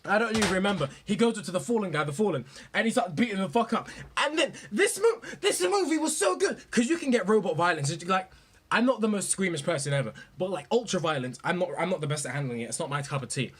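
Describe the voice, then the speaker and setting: A young man gushing about movies in a profane, rambling, excited rant. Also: high-pitched, fast talker, husky. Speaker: vlogger.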